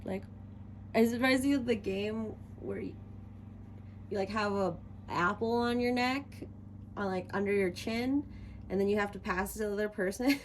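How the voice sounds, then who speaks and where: A woman's voice: mid-range voice, slight background noise. A woman doing a casual tarot reading for her viewers, chatty and giggly and talking straight to them. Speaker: tarot reader.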